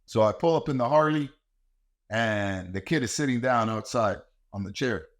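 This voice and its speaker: A middle-aged man who hosts a podcast and coaches martial arts delivers a blunt, heated, profane rant about raising kids. His voice is mid-range and his speed normal throughout the monologue.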